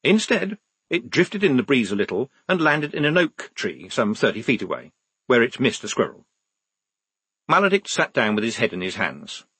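A man's voice: medium pitch, sing-song, moderate pace, bright, forceful tone, breathy edge, no echo. A man reading a comic novel aloud with dry, wry delivery on a close studio mic. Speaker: narrator. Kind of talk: audiobook narration.

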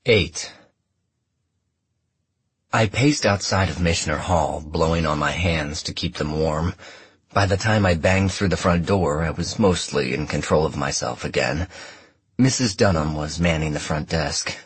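Husky, deep-voiced man as first-person audiobook narrator, dry close mic. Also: unhurried, no echo.

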